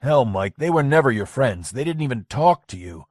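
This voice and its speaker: A man's voice: mid-range voice, very animated, normal speed, darkish tone, no room sound, studio quality, pitched above the performer's own voice. A man voicing a frightened, exasperated young man arguing with his friend. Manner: urgent, incredulous.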